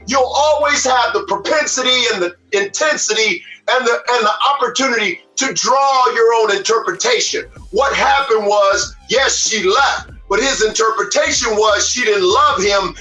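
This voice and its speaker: High-voiced guy giving a fired-up motivational speech, shouting a lot, echoey and far from the mic. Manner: emphatic, repetitive, often shouting. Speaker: motivational speaker. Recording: echoey room, far from mic, faint music.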